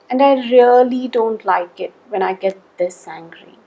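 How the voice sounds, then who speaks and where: A woman leading a guided tapping session, calling out tapping points in a slow, measured way between spoken statements. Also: a little high, gravelly, warm tone, poor audio.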